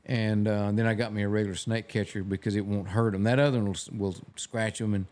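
Older man, folksy halting storyteller. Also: on the low side, little pitch movement, a little mellow. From Texas. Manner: halting, restarts, folksy drawl. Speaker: guest photographer. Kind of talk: casual storytelling.

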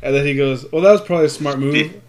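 A man's voice: fairly high pitch, fast talker. A man telling a rambling story in casual chat, swearing a lot and acting out what people said. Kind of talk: casual chat between friends.

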